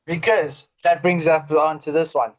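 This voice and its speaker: A man's voice: fairly high pitch, little pitch movement. Man, podcast co-host, hesitant, filler-heavy, slightly dull lo-fi audio. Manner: hesitant, many fillers, halting. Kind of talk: casual rugby chat.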